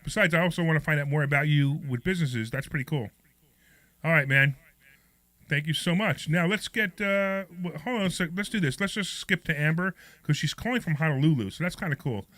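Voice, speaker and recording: A man hosting a live call-in radio show, joking and chatting quickly with callers. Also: on the high side, pushed and bright, dry recording.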